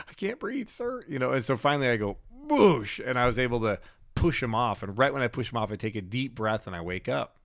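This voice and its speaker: A man telling a dream story on a podcast in an animated, casual way, full of "like" fillers. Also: fairly low pitch. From Denver area, USA. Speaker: podcast co-host.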